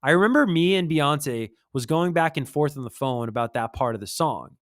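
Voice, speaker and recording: Animated man hosting a music livestream. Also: a little high, normal speed, no room sound, clean studio sound. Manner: animated, reads posts aloud with wry asides. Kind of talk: casual livestream commentary.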